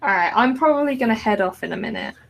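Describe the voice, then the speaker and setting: A woman's voice: on the high side, lively intonation, quick pace, vocal fry. A British woman co-hosting a podcast, chatting casually and laughing easily. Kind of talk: casual chat.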